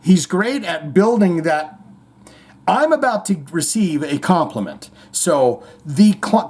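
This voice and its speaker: Animated, sarcastic male podcast host. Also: a little high, slow, slightly rough. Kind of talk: comedic commentary on played clips.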